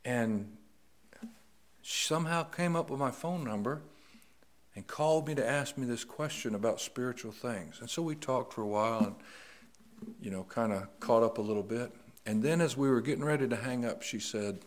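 A middle-aged man preaching a sermon, slow and deliberate, rising to emphatic stress on key words. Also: medium pitch.

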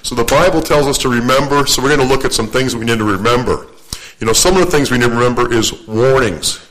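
A man's voice: medium pitch, quick pace, a bit bright, poor audio. An older man preaching in an easygoing, storytelling way, with a mid-range voice. He pokes fun at himself between points and often circles back, repeating his words as he goes. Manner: joking, self-deprecating, repeats and restarts phrases. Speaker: guest preacher. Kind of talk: folksy storytelling sermon.

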